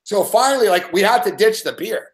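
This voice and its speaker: A man's voice: high voice, a little fast, echoey room. A man telling rowdy stories in a casual chat, swearing constantly and laughing as he goes. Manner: profane, animated storyteller who laughs often. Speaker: show host.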